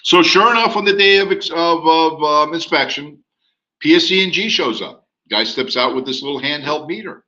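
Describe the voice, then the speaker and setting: This man, speaking at a moderate pace in a slightly high voice, tells a real estate story during a lecture and performs the dialogue with lively, anecdotal energy. The audio is dull.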